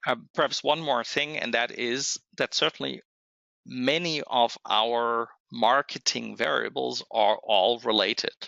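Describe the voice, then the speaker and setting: A hoarse man presenting a software webinar, explaining step by step in a measured way and pausing to think. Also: mid-range voice, no room sound. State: hoarse, losing his voice. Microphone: computer mic on a webinar call. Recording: dull, muffled lo-fi audio.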